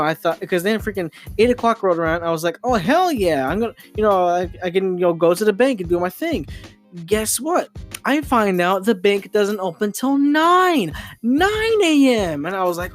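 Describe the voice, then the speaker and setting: A young man hosting a casual podcast, rambling with lots of fillers and restarts as he tells a frustrating story into his home microphone. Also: sits high. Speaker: podcast host.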